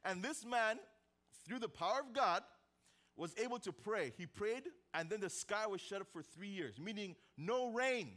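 A young man preaches a sermon with a high, light voice. He tells the story with energy, dropping to a near-hush and then rising again, and keeps tossing in casual, joking asides to the congregation. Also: moderate pace. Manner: animated storytelling, swings from loud to hushed. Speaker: pastor.

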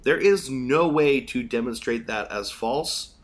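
A man's voice: medium pitch, measured pace. A man co-hosting a casual podcast chat, explaining things in detail and getting mildly exasperated. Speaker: podcast co-host.

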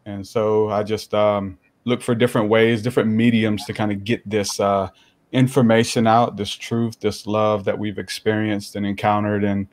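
A man's voice: fairly low pitch, little pitch movement, normal speed. A man introducing himself as a guest in a casual panel chat, earnest and hesitant, with many fillers. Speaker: guest hip hop artist and podcaster.

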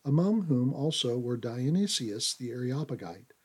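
Very husky man reading scripture. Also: medium pitch, big pitch swings, normal speed, darkish tone. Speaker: co-host. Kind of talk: scripture reading and radio co-hosting.

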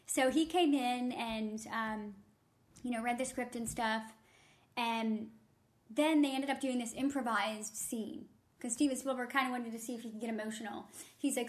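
A female podcast co-host with a fairly high, fairly even voice chats casually at a moderate pace. She tells a story packed with filler words.

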